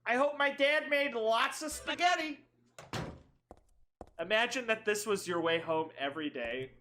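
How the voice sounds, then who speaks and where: A woman's voice: a little high, lively intonation, a little slow, fairly bright tone, a little hiss or hum. A woman streamer giving casual, joking let's play commentary, chatty and laughing often.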